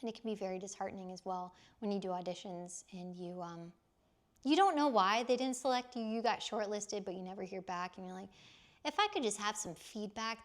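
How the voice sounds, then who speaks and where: A woman voice actor chatting casually on a live stream, rambling with lots of fillers and frequent laughs. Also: mid-range voice.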